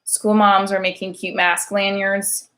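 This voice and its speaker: A woman's voice: medium pitch, flat delivery, measured pace, fairly bright tone. A woman in her thirties, a single mother doing a rambling comic monologue, chatty and full of fillers, with sarcastic self-mocking jokes.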